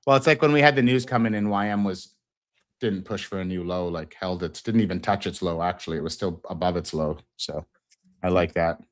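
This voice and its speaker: Male co-host, lower pitch, playful, quick to laugh, casual market banter. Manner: joking, laughs a lot, reads out headlines.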